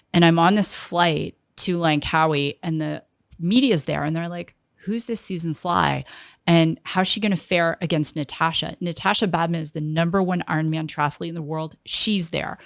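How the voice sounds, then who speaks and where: A middle-aged woman recounts a story in an interview, animated and vivid, slipping into the voices of the people she quotes. Her voice sits low with a gravelly fry, and the sound is close and dry. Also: no echo. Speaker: guest, entrepreneur.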